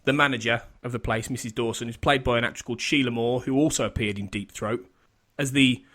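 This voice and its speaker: A man's voice: medium pitch, fairly even intonation, quick pace, fairly bright tone. Rambling male podcast host, laughing a lot. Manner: rambling, self-interrupting, laughs often. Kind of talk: casual podcast chat.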